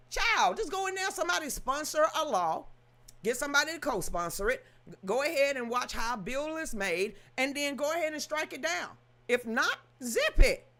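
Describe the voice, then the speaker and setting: Woman, political commentary host, mocking and exasperated, lively bright-ish voice. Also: high-pitched. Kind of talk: casual political rant.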